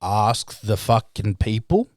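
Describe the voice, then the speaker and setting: A man's voice: lowish voice, expressive, slow, a little mellow, no room sound, clean studio sound. A young man co-hosting a podcast in casual chat, blunt and sarcastic, swearing often. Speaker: podcast co-host.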